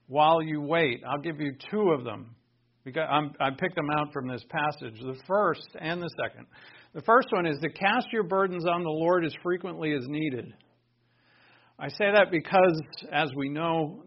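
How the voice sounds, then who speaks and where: A male pastor preaching a sermon in an animated, conversational way, with sarcastic asides to the congregation. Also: fairly high pitch, gravelly, muffled recording.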